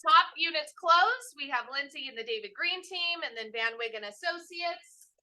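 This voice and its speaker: An upbeat woman runs an office team meeting with a bright, forceful voice pitched a little high. She is enthusiastic and encouraging and heaps praise on her colleagues. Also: animated, moderate pace, roomy sound, poor audio. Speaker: host of a real estate team meeting.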